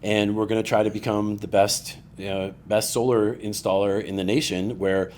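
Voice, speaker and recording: Guy on a podcast w a lowish voice, telling stories, a little room hiss. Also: normal speed. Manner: animated storyteller, acts out quoted voices. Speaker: podcast guest. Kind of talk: casual chat.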